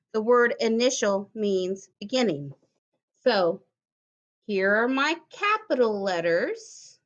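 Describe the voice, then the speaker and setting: A woman teacher leads young children through a phonics lesson. Her voice sits fairly high, and she talks at an unhurried, deliberate pace. She says each example word clearly and then repeats it. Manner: slow, careful, encouraging, repeats words clearly.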